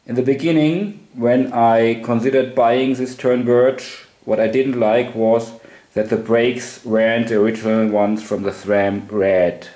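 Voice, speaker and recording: A man's voice: mid-range voice, steady tone, dark tone, echoey room. A man from Germany with a German accent, giving a casual, matter-of-fact first-impression review in English as a cycling blogger. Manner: plain, matter-of-fact, slow and careful in English.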